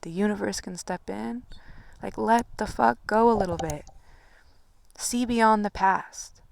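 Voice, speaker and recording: A woman's voice: medium pitch, a little slow, creaky, a little mellow. A woman coaching on anxiety in a loose, casual monologue, full of swearing and fillers. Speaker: spiritual coach.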